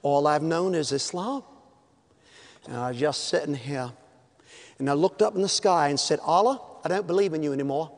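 A preacher voicing a soft, earnest young man. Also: a little high, normal speed, long reverb tail, voice pushed down, lightly acted. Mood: anguished. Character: earnest pleading young man in his twenties.

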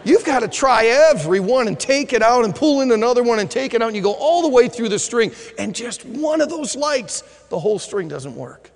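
A man preaching a sermon as a pastor, animated, dropping to a quiet voice for emphasis. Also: high voice, long reverb tail.

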